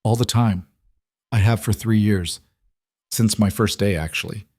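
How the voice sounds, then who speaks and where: Brief: man reading as a tender, anxious young secretary; soft, low, dry studio read. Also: unhurried, dry recording. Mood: earnest. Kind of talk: audiobook romance narration.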